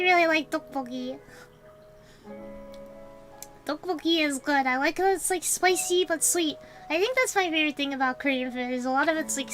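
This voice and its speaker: A woman's voice: high-pitched, a bit bright, poor audio. A woman VTuber chatting casually on a livestream, rambling and giggling as she answers her chat. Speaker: VTuber streamer.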